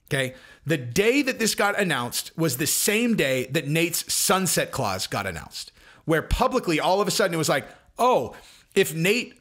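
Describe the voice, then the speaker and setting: Animated, bright-voiced male commentator. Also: a little high. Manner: emphatic, repeats points, frequent "okay?" and "like". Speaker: channel host.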